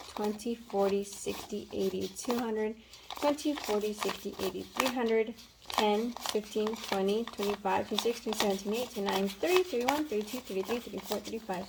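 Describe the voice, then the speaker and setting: A woman's voice: medium pitch, vocal fry, noisy background. A woman in her twenties chatting casually while counting cash for a budgeting vlog. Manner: chatty, counts bills aloud, filler-heavy. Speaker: budgeting vlogger.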